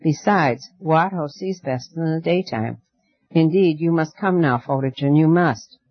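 A man reading as a gentle, soothing night girl. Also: a little high, a little slow, no room sound. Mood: coaxing. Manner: soft, coaxing, earnest. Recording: dull lo-fi dry recording.

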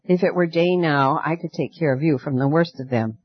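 A man voicing a frightened young man who fears the dark, pleading earnestly, in a dull, dry lo-fi recording. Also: a little high, a little fast, slightly rough, no room sound.

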